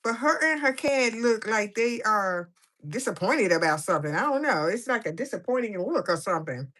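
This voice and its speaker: A woman's voice: mid-range voice, animated, moderate pace, a bit bright. A woman chatting casually and playfully as she colors in a coloring book for her viewers. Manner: playful, chatty, laughing commentary. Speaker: coloring vlogger. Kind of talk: casual chat while coloring.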